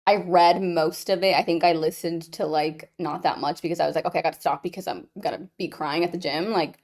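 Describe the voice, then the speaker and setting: A woman's voice: lowish voice, steady tone, brisk, darkish tone. A young woman co-hosting a book club podcast, rambling with many "like"s and teasing in casual chat. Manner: filler-heavy, rambling, teasing. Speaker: podcast co-host.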